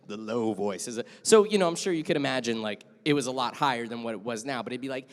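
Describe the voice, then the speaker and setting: Guy voice actor on a con panel, super lively pitch, storytelling all animated, big echoey hall sound. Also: fast. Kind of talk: casual convention panel chat. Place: convention panel room.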